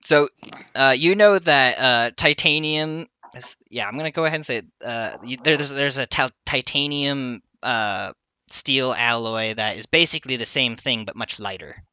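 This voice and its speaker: Bright-voiced man running a tabletop game. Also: mid-range voice, normal speed, clean tone, dry recording. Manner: loose, rambling, with many fillers and laughs. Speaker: game master.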